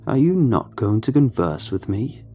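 A man voicing a creepy, gaunt male sun creature with metal lips. He speaks in a slow, drawn-out, sinister croak. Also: lowish voice, sing-song, warm tone, soft background music. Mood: menacing.

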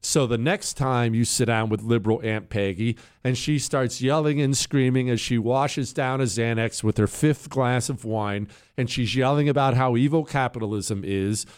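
A man's voice: mid-range voice, darkish tone. A man hosting a talk radio show, delivering an opinionated monologue in a combative, sarcastic way.

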